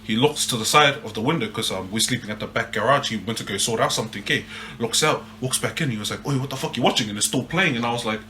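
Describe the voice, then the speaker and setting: A man's voice: mid-range voice, quick pace, hardly any pauses, slight background noise. New man telling a sweary story. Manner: swears a lot, animated, ends phrases with "eh". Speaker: podcast co-host. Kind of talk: casual storytelling.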